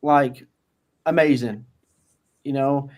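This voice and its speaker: A British man, a guest on a podcast, talking in a relaxed, hesitant way with many pauses. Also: mid-range voice. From Britain. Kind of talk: casual podcast chat.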